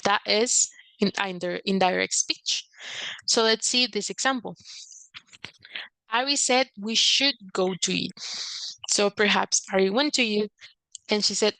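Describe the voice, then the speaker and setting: A woman's voice: steady tone, unhurried, long pauses, pushed and bright, no echo, low-quality recording. A woman teaching an English grammar lesson, explaining patiently and acting out short example lines with a lifted voice. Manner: patient, acts out quoted examples with lifted pitch.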